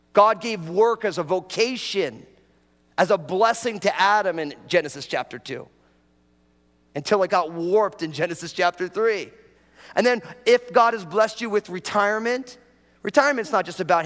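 A man's voice: high voice, normal speed, a bit bright, big-room sound. A man preaching a sermon as pastor, talking casually and drawing the congregation in with prompts and jokes.

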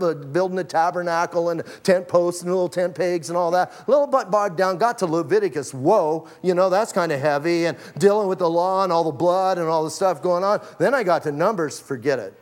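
A man with a fairly high voice preaches a sermon in a loose, conversational way. He acts out the voices he quotes with lively energy and swings between excitement and hushed, quiet moments. He sounds middle-aged. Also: fast talker, hardly any pauses. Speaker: pastor.

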